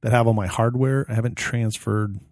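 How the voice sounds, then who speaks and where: A man's voice: medium pitch, steady tone, a little fast, a little mellow, dry recording, studio quality. A man co-hosting a podcast in casual chat, a rambling storyteller who acts out the voices of people in his anecdotes. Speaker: podcast co-host.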